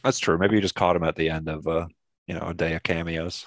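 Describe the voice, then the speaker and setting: A man with a very low voice co-hosts a comedy podcast and throws in short, dry one-liners. The recording is close and dry. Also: little pitch movement, dry recording. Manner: dry, quick quips. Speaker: podcast co-host. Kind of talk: casual comedic chat.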